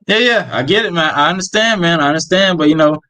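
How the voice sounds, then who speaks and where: A man's voice: on the high side, fast talker, bright, forceful tone. A man co-hosting a live stream, laid-back and slangy, with lots of "like, you know.". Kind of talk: casual live-stream chat.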